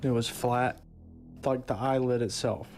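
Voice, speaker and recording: Gravelly middle-aged guy haltingly telling what happened to him, lots of restarts. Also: mid-range voice, steady tone, darkish tone, faint music behind. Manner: halting, restarts, searching for words. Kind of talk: recounting a personal experience in a documentary clip.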